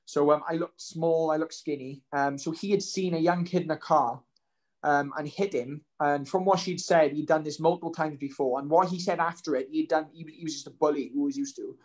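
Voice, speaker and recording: A man's voice: on the high side, fairly even intonation, brisk. A man, telling a story casually as an interview guest, rambling with many ums and restarts. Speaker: guest, professional fighter.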